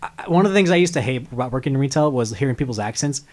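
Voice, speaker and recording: A man hosting a casual talk show, rambling a little and trailing off softly at the ends of his sentences. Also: mid-range voice, lively intonation, rapid-fire, a crowd in the background. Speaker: host. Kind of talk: casual chat.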